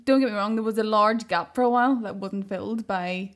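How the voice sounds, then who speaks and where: A woman's voice: medium pitch, brisk. A woman co-hosting a comedy podcast, speaking earnestly in casual chat. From Northern Ireland. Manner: earnest, supportive, talks over her co-host. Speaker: podcast co-host.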